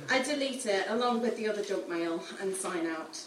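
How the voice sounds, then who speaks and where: A woman reading a first-person novel aloud, with a wry, lively delivery. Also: mid-range voice, moderate pace, hardly any pauses, slight background noise. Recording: roomy room, distant mic.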